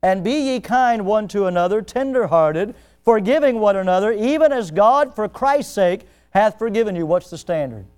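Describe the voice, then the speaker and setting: A male pastor preaching a sermon, swelling in pitch and volume as he acts out the people he quotes. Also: expressive, normal speed, few pauses, a little mellow, smooth.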